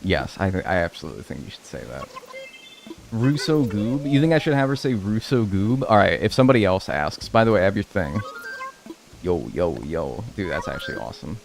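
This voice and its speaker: A man's voice: deep voice, big pitch swings, a little fast, gravelly, music in the background. A man streaming gameplay live, chatting casually with his viewers, joking and swearing freely. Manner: talks to chat and thanks subscribers. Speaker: game streamer.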